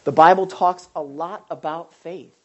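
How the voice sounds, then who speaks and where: A woman's voice: fairly low pitch, steady tone, measured pace, lo-fi sound. A woman preaching a conversational sermon, often asking her listeners questions and restarting her sentences. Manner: asks the audience questions, frequent restarts.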